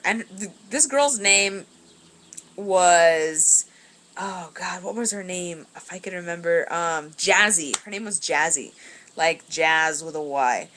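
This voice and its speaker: A woman's voice: on the low side, slow, fairly bright tone. Young woman rambling into a webcam. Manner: rambling, filler-heavy, laughs while telling. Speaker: vlogger. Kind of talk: casual storytelling vlog.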